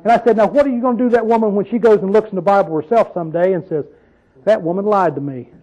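A high male voice fires off words rapidly in a mellow tone, on a low-quality recording. He leads a casual Bible teaching, talking with his audience, asking them questions and telling folksy stories as he goes.

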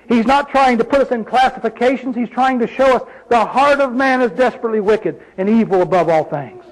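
A man's voice: very high-pitched, rough recording. A man preaching a sermon in an emphatic, folksy way, full of rhetorical questions.

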